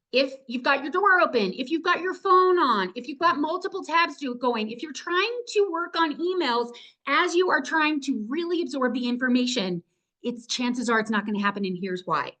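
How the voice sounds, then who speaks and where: A woman's voice: high voice, bright, forceful tone. A woman presenting a video-call workshop, talking to her audience with enthusiasm and urging them to join in. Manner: enthusiastic, upbeat, direct to audience. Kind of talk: energetic webinar teaching.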